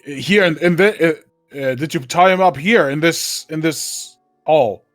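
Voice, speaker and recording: A man in a tabletop game, speaking in character with hesitant, halting phrasing. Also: a little high, fairly bright tone, faint music behind. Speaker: player.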